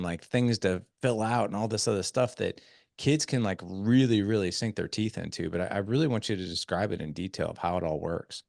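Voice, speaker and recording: A man's voice: on the low side, gravelly, dry recording, clean studio sound. A man hosting a podcast who tells a rambling, self-deprecating anecdote full of fillers. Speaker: podcast host. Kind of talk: casual storytelling conversation.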